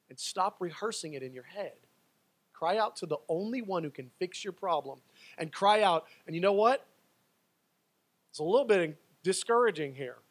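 A man preaching a sermon, moving between loud, pleading passages and quiet, intimate asides. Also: fairly high pitch. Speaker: pastor.

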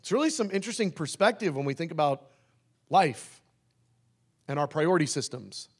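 A pastor preaching a sermon in a conversational way, slowing down to stress key phrases. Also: male voice, on the high side, lively intonation, breathy edge. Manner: conversational, with restarts and emphatic slowed phrases.

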